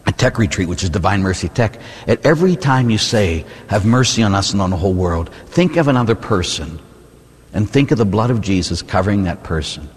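A man's voice: fairly low pitch, animated, fairly quick, breathy edge, big-room sound. A man, a Catholic priest, preaching a sermon in a church, talking to the congregation in a conversational way and asking rhetorical questions.

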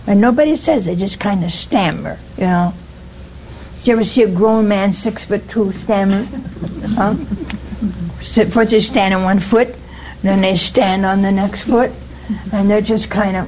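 A woman's voice: mid-range voice, normal speed, darkish tone, a little hiss or hum, poor audio. An older woman giving an informal, folksy sermon, often stopping to ask "see?" and putting questions to her listeners. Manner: folksy, keeps asking "see?". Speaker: preacher.

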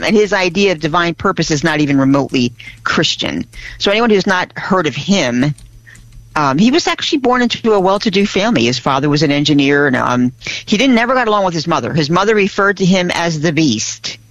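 Chatty woman co-host, dull lo-fi sound. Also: no echo. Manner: chatty, laughing, animated pitch jumps. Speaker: radio co-host. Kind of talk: casual radio chat. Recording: dull lo-fi radio audio.

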